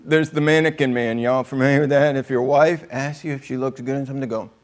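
A man's voice: medium pitch, steady tone, fast talker. A man preaching a conversational sermon, joking with the room and acting out quotes in other voices. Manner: joking, chatty, acts out quotes.

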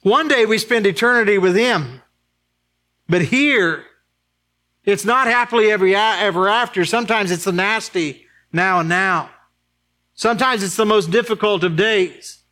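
Male pastor, sermon delivery, higher-pitched voice, rhetorical questions, emphatic swings from urgent to hushed. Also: moderate pace. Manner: emphatic, rising to high urgent peaks then dropping low and quiet; addresses the congregation with rhetorical questions.

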